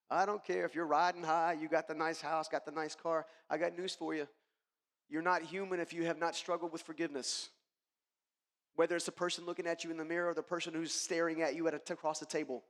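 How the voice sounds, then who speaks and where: A man with a slightly high, fairly bright voice gives a motivational keynote, emphatically recounting a personal story and speaking directly to the audience. A large hall gives his words a long reverb.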